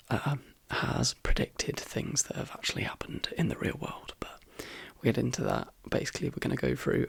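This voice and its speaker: Croaky, hoarse soft-spoken ASMR man. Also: mid-range voice, dry recording. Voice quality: croaky whisper. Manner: rambling, relaxed, with fillers. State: hoarse, voice worn out. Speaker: ASMR channel host.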